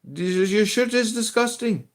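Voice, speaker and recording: A man's voice: sits high, normal speed. A man hosting a livestream chat, brash and profane, talking over callers. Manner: brash and profane, shifts between mumbling and shouting. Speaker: livestream host.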